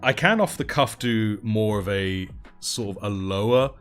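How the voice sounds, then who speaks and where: A man's voice: fairly low pitch, unhurried, fairly bright tone, faint music behind. A man hosting a casual livestream, chatting and thanking viewers while he paints miniatures. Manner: chatty, reads out and thanks chat while painting, laughs often. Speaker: livestream host.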